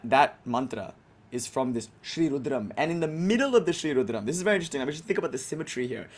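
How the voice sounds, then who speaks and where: A man giving a lecture on scripture, explaining terms with fillers and self-corrections and slowly chanting mantras in between. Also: mid-range voice, a little mellow. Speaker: teacher.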